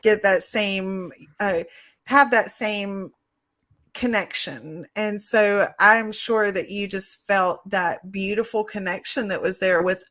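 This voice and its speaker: A woman's voice: mid-range voice, slow, a bit bright. A woman co-hosting a live podcast, speaking earnestly in long, gushing run-on sentences. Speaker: podcast co-host. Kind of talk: casual live podcast chat.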